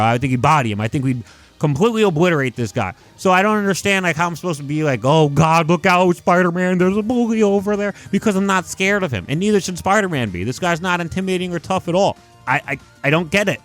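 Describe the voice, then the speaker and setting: A young man giving casual, animated commentary on film adaptations, leaning heavily on "like" and emphatic rants. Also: on the high side. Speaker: YouTube movie commentator.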